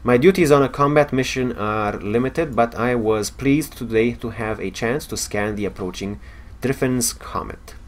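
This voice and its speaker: Curious science officer on a starship read by a man, romanian accent, measured. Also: medium pitch, lightly acted.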